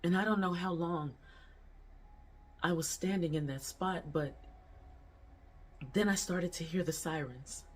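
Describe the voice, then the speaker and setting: An actor performing a dramatic monologue as a distraught person haunted by a partner's leap, speaking in halting phrases broken by heavy sighs. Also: mid-range voice, slight background noise, lightly acted. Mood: shaken, numb. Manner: halting, breaks off mid-sentence, heavy sighs.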